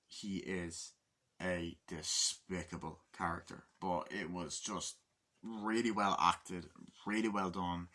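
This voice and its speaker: A man's voice: low voice, pushed and bright. A man reviewing a film casually at home, rambling and enthusiastic and swearing freely. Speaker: movie reviewer. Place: room at home with window open.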